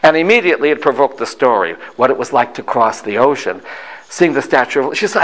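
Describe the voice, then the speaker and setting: An older man in his sixties telling a family story to listeners. His pitch rises and falls with lively swings, and he pauses for effect. His voice sits mid-range for a man. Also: low-quality recording. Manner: animated, dramatic pauses.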